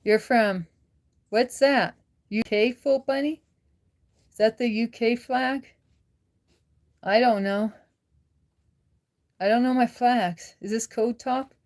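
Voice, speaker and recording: A woman's voice: a little high, takes it slowly, pauses often, darkish tone. A worn-out woman hosting a casual livestream chat, laughing often and answering viewers' comments. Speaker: livestream host.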